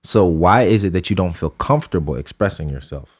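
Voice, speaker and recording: A man's voice: low voice, expressive, a little fast, a little mellow. A young adult man co-hosting a podcast, telling an earnest, reflective story about his son in casual conversation. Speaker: podcast co-host, father.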